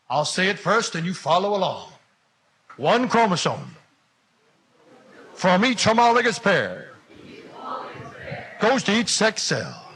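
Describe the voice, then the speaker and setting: A man putting on the voice of a fervent male revival preacher, calling out slow, drawn-out exhortations to a classroom. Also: fairly high pitch, a bit bright, breathy edge, voice pushed up, full character voice. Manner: drawn-out, exhorting calls to believe.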